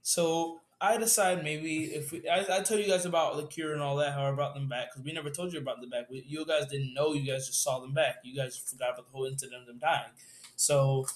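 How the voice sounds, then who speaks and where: A man's voice: a little high, steady tone, fairly quick, reverberant. A man rambling through an improvised zombie story with a friend, laughing often and leaning on lots of fillers.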